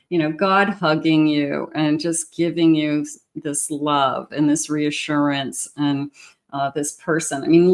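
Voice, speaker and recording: A woman giving a love tarot reading, speaking straight to the viewer in an encouraging way with frequent pauses and fillers. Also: sits low. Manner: warm, encouraging, talks directly to the viewer with many fillers. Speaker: tarot reader.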